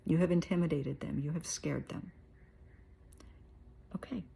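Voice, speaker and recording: A woman's voice: sits low, a little slow, creaky, warm tone, slightly rough. A middle-aged American woman therapist giving her blunt, plain-spoken opinions in a casual monologue. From United States.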